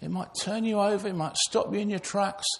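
Gravelly older preacher. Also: male voice, sits high, brisk. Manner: earnest, storytelling preacher, addressing children. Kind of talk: sermon.

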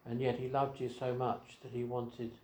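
Preacher in an echoey hall. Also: male voice, mid-range voice, monotone, normal speed, slight background noise. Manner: rhetorical questions, swings between soft asides and raised emphasis. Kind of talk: evangelistic sermon.

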